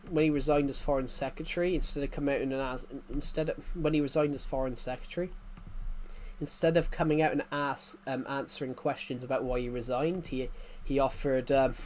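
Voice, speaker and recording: A man's voice: medium pitch, a little hiss or hum. A man, chatting casually on a game live stream, rambling and repeating himself with frequent chuckles.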